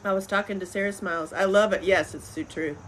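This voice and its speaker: A middle-aged woman hosting a podcast, chatting casually and telling rambling, animated stories. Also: mid-range voice, quick pace. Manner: rambling, animated storytelling with laughs. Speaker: podcast host. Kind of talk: casual chat.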